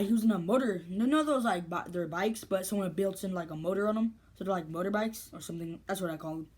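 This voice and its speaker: A woman vlogger telling a story in casual, rambling, slangy speech with lots of restarts. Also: mid-range voice.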